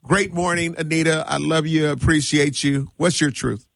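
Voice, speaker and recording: A man hosts a call-in radio show. He greets callers with affection and speaks with emphasis. His voice sits a little high, and the studio sound is dry and close. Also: fairly even intonation, normal speed, creaky, fairly bright tone, no room sound. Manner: affectionate, emphatic, preaching accountability. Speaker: radio talk show host.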